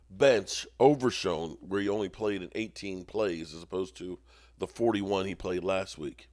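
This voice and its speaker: Sarcastic low-voiced male sports host. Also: no room sound, studio quality. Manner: mock-outraged, sarcastic.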